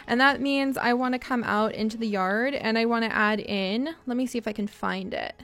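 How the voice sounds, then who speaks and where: Bubbly high-voiced young woman streamer. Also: normal speed. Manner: bubbly and excitable, gushing thanks to chat. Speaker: live streamer. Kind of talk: live-stream gameplay chat.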